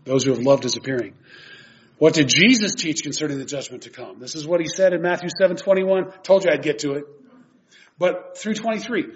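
A man's voice: a little high, fairly quick. A man preaching a sermon earnestly and emphatically, reading scripture aloud and explaining it. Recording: dull lo-fi recording.

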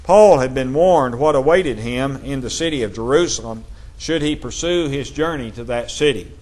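Guy preaching a sermon, reads verses slow and steady, medium pitch. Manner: measured preaching, reading scripture aloud in King James wording.

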